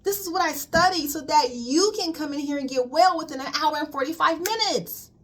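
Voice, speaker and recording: A woman's voice: high voice, fairly quick, fairly bright tone. A woman colon hydrotherapist giving a casual spiritual wellness talk, emphatic and repetitive, calling listeners "queen.".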